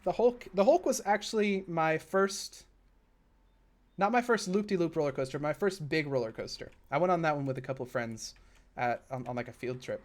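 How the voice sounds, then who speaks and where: A male streamer builds a park in a game live, keeping the talk casual and straying into stories, with sudden spurts of excitement. He speaks at a normal speed with a fairly high pitch.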